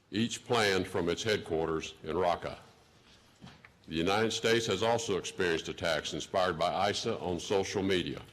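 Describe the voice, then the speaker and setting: A man in his sixties with a Texan accent, delivering a formal prepared speech in a measured, deliberate way. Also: low-pitched, fairly bright tone. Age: 60s. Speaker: government official giving a speech.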